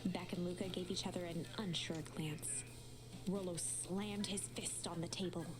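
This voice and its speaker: A woman giving soft, measured, scripted storybook narration for a game. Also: on the low side, steady tone, music in the background, close to an everyday voice.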